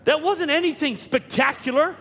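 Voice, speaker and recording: High-voiced man preaching in a reverberant hall. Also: normal speed, creaky. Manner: storytelling with repeated words and rising shouts. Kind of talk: sermon. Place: church hall. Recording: long reverb of a church hall.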